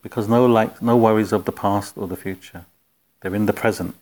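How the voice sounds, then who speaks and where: A man's voice: fairly low pitch, fairly quick. A man teaching an informal spiritual philosophy class in a conversational way, putting questions to his listeners.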